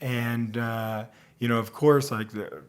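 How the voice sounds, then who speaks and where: A man gives a casual, unscripted review of a movie. He rambles and keeps restarting his sentences. His voice has a medium pitch and gets animated. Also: slow pace, smooth. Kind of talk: casual one-take commentary.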